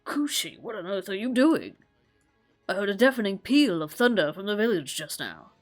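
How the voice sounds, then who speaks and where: A woman's voice: mid-range voice, expressive, moderate pace, soft background music, voice pushed down, close to an everyday voice. A woman voicing a fussy elderly village man who speaks in a worried, old-fashioned way.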